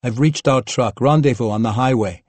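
A man reading the part of a brisk male field operative giving clipped radio reports. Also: medium pitch, a little mellow, no room sound, natural voice.

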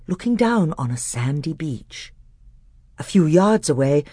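A woman narrating a storybook aloud with expressive storytelling. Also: sits low, slightly rough, no echo, clean studio sound. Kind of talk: audiobook reading.

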